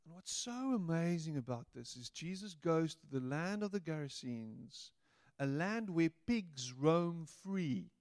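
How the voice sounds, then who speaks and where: A man preaching a sermon, playful and animated, slipping into little voices to act out quotes. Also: a little high, measured pace, no room sound, studio quality. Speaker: pastor.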